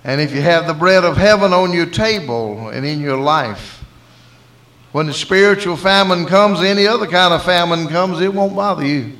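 A man's voice: high voice, expressive, normal speed, a bit bright. A man with a Southern US accent preaching a sermon in a folksy storytelling way. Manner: folksy storytelling, acting out dialogue.

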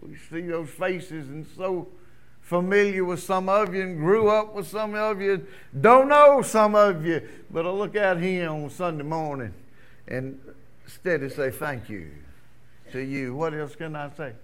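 High-voiced preacher, loud then hushed. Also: male voice, measured pace, smooth. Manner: swings between ringing loud declarations and hushed near-whispers. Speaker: pastor. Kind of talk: sermon.

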